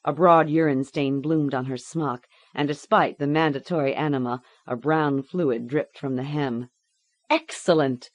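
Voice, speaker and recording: A woman reading a grim story aloud in a measured, deliberate way. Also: low voice, fairly even intonation, dry recording. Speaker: audiobook narrator. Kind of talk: scripted audiobook narration.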